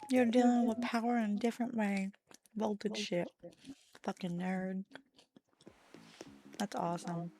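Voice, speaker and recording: A woman's voice: mid-range voice, fairly even intonation, unhurried, pauses often, mellow, a little hiss or hum. A woman streamer chatting casually while gaming, telling rambling stories, swearing freely and laughing often.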